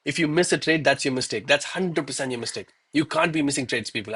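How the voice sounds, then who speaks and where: A man's voice: on the high side, fast, few pauses, fairly bright tone, slightly rough. A man from South India, commenting live on his trades and scolding himself in a casual, exasperated way. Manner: self-critical and exasperated, peppers talk with "bro" and "man". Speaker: live-streaming gold trader. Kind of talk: live trading stream commentary.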